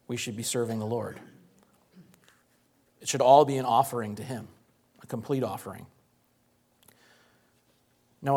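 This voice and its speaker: A pastor preaching to his congregation, with a man's voice at an ordinary middle pitch. He talks through the passage plainly and conversationally. He leans on rhetorical questions to draw his listeners in. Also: darkish tone. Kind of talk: sermon.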